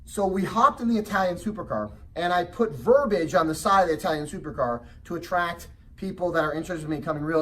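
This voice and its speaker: Middle-aged guy doing a seminar pitch, tells stories, keeps asking the crowd questions, mic kinda far off. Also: fairly bright tone. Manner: storytelling, asks the audience questions; acts out child's voice in high pitch. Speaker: real estate educator. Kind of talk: motivational seminar talk. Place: presentation room. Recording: distant mic with faint background noise.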